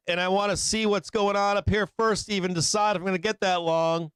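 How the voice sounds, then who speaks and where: A man's voice: high-pitched, steady tone, brisk, few pauses, fairly bright tone, clean tone, no room sound. A man hosting a live trading show, talking casually through chart analysis and tossing out rhetorical tag questions. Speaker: host.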